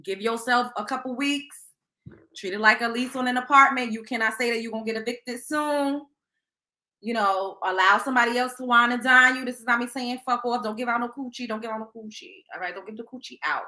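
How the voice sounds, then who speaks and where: A woman's voice: a little high, a little fast, pushed and bright. A young adult woman hosting a talk show, giving blunt, profane advice in a casual monologue and laughing often. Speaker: show host.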